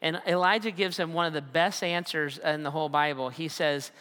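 A man preaching a sermon as a pastor, animated and acting out the voices he quotes. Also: fairly high pitch, brisk. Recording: long hall reverb.

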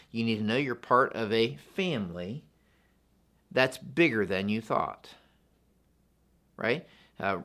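A pastor with a mid-range, slightly bright voice preaches a sermon in a church. Earnest and repetitive, he keeps asking the congregation questions.

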